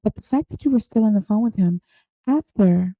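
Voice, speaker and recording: A woman's voice: medium pitch, expressive, a little fast, dark tone, dry recording, lo-fi sound. A woman hosting a reaction show, giving casual commentary in a blunt, incredulous, scolding way. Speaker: host reacting to a clip.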